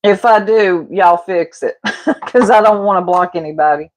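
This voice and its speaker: Against a noisy background, a woman with a fairly low voice chats at a moderate pace with her livestream viewers while cooking. She's teasing and gossipy, laughs easily, and calls everyone "y'all."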